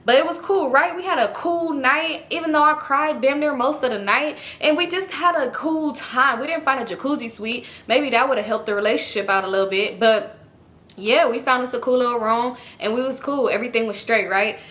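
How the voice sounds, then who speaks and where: A woman's voice: high-pitched, fairly quick, fairly bright tone. A woman vlogger telling a personal story in a casual, candid and profane way.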